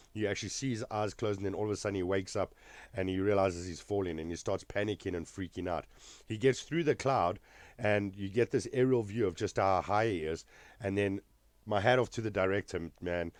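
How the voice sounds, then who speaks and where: A man with a fairly low voice talks through a movie in a loose, casual reaction style. He rambles, fills gaps with ums and restarts his sentences. The sound is dry and close, with no room around it. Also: dry recording. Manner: rambling, with many fillers and restarts.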